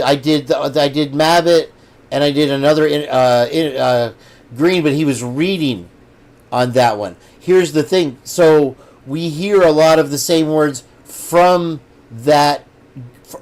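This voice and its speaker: A man's voice: fairly high pitch, a little mellow. Rambling man hosting a live chat. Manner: rambling, thinks aloud. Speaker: livestream host. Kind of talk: casual live chat with viewers.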